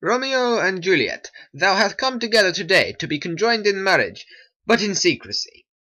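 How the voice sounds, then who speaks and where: A man voicing a cautious older friar in a homemade stop-motion animation, speaking in a measured, advising way. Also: sits high, sing-song, pushed and bright, pitched above the performer's own voice, heavily acted. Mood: grave.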